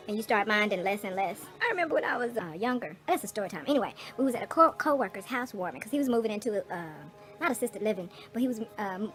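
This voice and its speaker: A middle-aged woman with a somewhat high voice tells stories straight to camera in a casual vlog. She talks frankly and profanely, and her speech is animated and full of asides. Faint music plays behind her. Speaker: vlogger.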